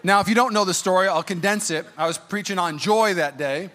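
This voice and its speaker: A man in his thirties preaches with a high, bright voice that is full of energy. He tells stories about his own life, jokes with the congregation and slips into exaggerated voices to act out what people said. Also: fairly quick. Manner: animated, jokey, acts out quotes in high-pitched voices. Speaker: pastor. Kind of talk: sermon with personal storytelling.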